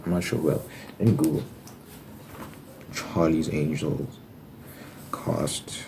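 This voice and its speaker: A young man with an extremely deep, low voice rambles loosely in a casual ASMR chat, dropping the occasional swear word. Clear noise sits under the recording, with tapping and shuffled cards behind him. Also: little pitch movement, takes it slowly. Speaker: ASMR creator. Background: tapping and card shuffling noise.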